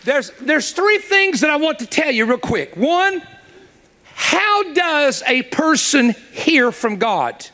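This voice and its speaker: A man preaching a sermon to a church congregation, telling stories with jokes and quick asides to his listeners. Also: very high voice. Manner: animated, joking storyteller with quick asides; speaks directly to the audience.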